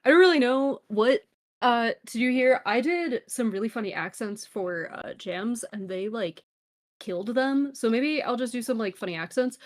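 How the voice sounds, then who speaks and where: A woman's voice: on the high side, normal speed. A woman with a Canadian accent rambling through a game-show turn, with lots of fillers and self-deprecating asides. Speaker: contestant. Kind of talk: casual game-show banter.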